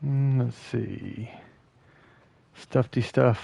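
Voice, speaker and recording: Gravelly-voiced male game streamer. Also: lowish voice, steady tone, slow pace, dark tone, a little hiss or hum. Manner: chatty, talks to viewers while playing. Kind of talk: live gameplay commentary.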